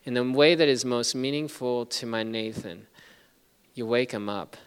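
A man's voice: medium pitch, normal speed, smooth. A middle-aged man preaching a sermon, telling a story earnestly with many restarts. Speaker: pastor. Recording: long reverb of a large hall.

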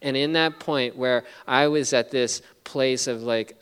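A man's voice: medium pitch, measured pace, fairly bright tone, smooth. A middle-aged man preaching a sermon, telling a story earnestly with many restarts. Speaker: pastor. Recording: long reverb of a large hall.

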